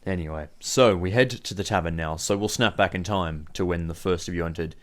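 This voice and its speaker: A man's voice: sits low, a little fast. A man narrating as game master of a tabletop game, casual and swearing. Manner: casual, swearing, laughs often.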